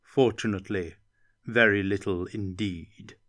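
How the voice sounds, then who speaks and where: A man voicing a smug, scheming court wizard who speaks in a smooth, insinuating way. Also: lowish voice, fairly even intonation, fairly bright tone. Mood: sly smug. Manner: smooth, sly, deliberate.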